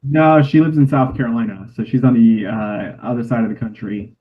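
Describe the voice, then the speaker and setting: A man's voice: medium pitch, steady tone, fairly quick. A man, a cinematographer guest, telling a heartfelt story in a casual interview. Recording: tinny phone-like line.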